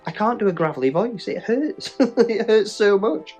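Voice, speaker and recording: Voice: medium pitch, moderate pace, faint music behind. A let's play host giving casual, jokey gameplay commentary with lots of swearing. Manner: animated, swearing, joking asides.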